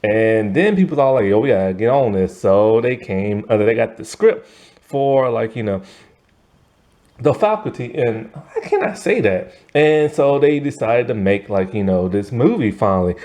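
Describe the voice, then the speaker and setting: A man talks through a movie review in a loose, chatty way. His pitch swings up and down a lot, and his thoughts ramble along with plenty of fillers. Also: a little slow. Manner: rambling, animated, lots of fillers and laughs. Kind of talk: casual spoken movie review.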